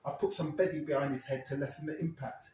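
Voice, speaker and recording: A man's voice: fairly high pitch, steady tone, fast, a little mellow, a little hiss or hum. A man performing a crude, wry monologue as a storyteller in a live one-man show. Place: stage at a live club. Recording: echoey room, mic far off.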